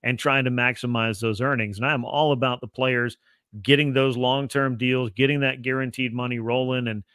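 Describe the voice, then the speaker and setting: A man appears as a guest analyst on a casual sports podcast, giving long, fluent explanations in relaxed conversation. His voice is bright and forceful at an average pitch, with a clean tone and moderate pace. The recording is dry, with no room sound.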